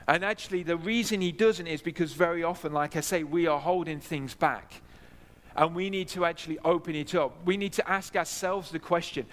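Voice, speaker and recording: A man's voice: on the high side, a bit bright. A man preaching a sermon in a church, earnest, repeating key phrases for emphasis. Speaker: pastor. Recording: long hall reverb.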